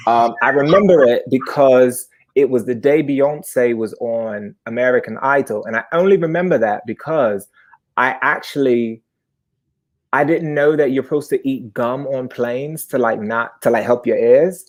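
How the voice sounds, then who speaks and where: A man in his twenties tells a personal story live at a moderate pace, chatty and animated, breaking into sudden high-pitched bursts.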